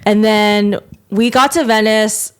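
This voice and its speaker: A woman's voice: mid-range voice, fairly even intonation, takes it slowly, smooth. Young woman rambling through a story. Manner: rambling storyteller, filler-heavy with many "like"s. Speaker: podcast host. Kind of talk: casual chat.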